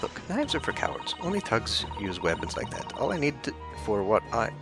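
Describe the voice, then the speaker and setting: A man's voice: on the low side, very animated, moderate pace. A man voicing a cocky young street pickpocket girl with a Cockney accent and cheeky slang, reading game dialogue aloud. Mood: proud. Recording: game music playing underneath.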